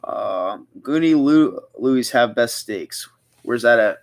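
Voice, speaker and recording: A young man from the Philadelphia area hosts a casual livestream and chats loosely with his viewers. He rambles from comment to comment, reading each one aloud before he answers it. His voice sits at an ordinary middle pitch. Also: lively intonation, slow pace. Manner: chatty, rambling, reads chat aloud. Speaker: livestream host.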